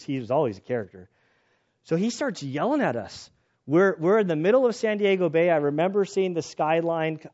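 A middle-aged man gives a sermon as a loose, animated story, circling back and restarting his sentences. His voice sits a little high for a man. The recording is dull and lo-fi. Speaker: pastor.

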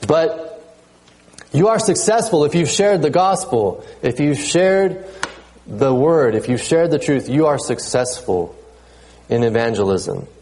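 A man preaching a sermon in a relaxed, conversational way, often repeating words and pausing on fillers. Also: a little high, slight background noise, poor audio. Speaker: pastor.

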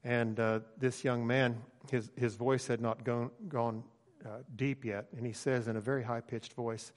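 Pastor, middle-aged man, mid-pitched, folksy sermon storyteller, long hall echo. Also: a little slow. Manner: relaxed storytelling with frequent fillers.

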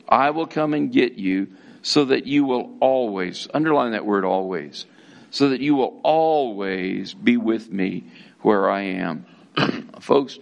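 A man's voice: mid-range voice, gravelly, dull audio. A middle-aged pastor preaching a sermon, earnest and emphatic, calling his listeners folks and repeating key words for weight. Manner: addresses listeners as folks, occasional restarts.

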